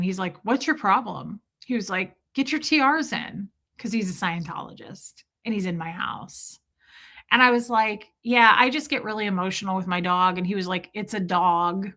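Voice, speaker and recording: A middle-aged woman from the United States hosting a casual livestream, telling stories animatedly and greeting viewers from chat. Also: mid-range voice. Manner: chatty, animated storytelling, reads chat comments aloud. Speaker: livestream host.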